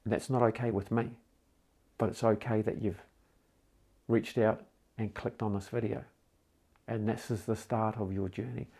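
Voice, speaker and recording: A middle-aged man with a low, gravelly voice gives a gentle support talk straight to the listener. His tone is dark and husky, and he is calm and reassuring as he speaks. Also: unhurried, long pauses. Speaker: mental health support speaker.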